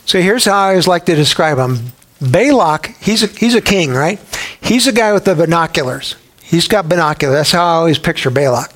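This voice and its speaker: Male pastor, fairly high voice, animated conversational sermon style with playful storytelling. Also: a little fast. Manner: humorous, conversational.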